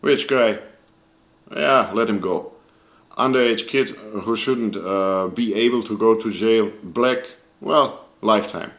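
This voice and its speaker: Deep-voiced man ranting angrily, echoey room. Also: unhurried, hardly any pauses, a bit bright. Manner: angry, profane, searching for words. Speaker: video creator. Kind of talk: casual rant to camera.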